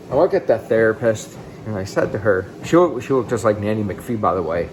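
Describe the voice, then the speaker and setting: Animated man in his thirties telling his story. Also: brisk, noisy background. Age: 30s. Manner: animated, swings between excited outbursts and low asides; blunt and casual, with some swearing. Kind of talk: candid personal storytelling.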